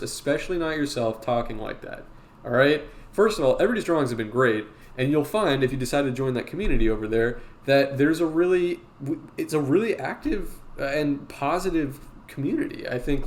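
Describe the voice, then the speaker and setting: A man's voice: mid-range voice, darkish tone. A man hosting a live drawing class on his stream, rambling, swearing casually and encouraging his viewers.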